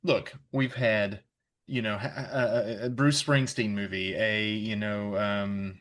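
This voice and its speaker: A man's voice: lowish voice, steady tone, slow pace, fairly bright tone. A man guest on a podcast in casual chat, rambling and restarting his sentences. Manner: rambling, restarts, laughs a lot.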